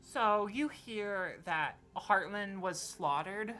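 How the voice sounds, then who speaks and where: A woman's voice: mid-range voice, takes it slowly, fairly bright tone, faint music behind. A woman narrating as game master of a tabletop game, rambling and self-correcting as she goes.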